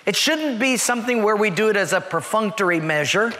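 A male pastor preaching a sermon in a church, with a conversational, joking manner and slowed, emphatic stresses. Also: high-pitched, animated, bright, forceful tone, in a large hall.

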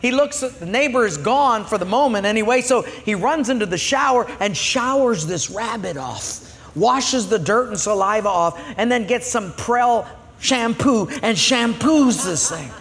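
High-pitched pastor preaching in a hall. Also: male voice, moderate pace. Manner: animated storyteller, acts out voices and shouts. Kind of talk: sermon.

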